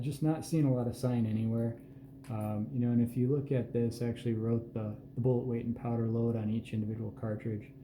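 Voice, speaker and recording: Man, host, casual bench walkthrough; very dark, mellow voice; roomy echo, faint background hum. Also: mid-range voice. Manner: unhurried, plain-spoken, self-deprecating asides. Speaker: host showing his hand loads. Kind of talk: casual hands-on explanation. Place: indoor reloading bench.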